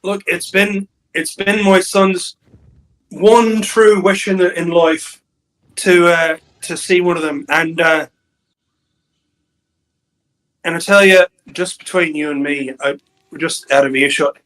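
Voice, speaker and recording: A man's voice: high voice, fairly even intonation, unhurried, a bit bright, low-quality recording. A man playing a wheedling male pastor who poses as a grieving father, pleading and sugary in a raised voice. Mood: conspiratorial.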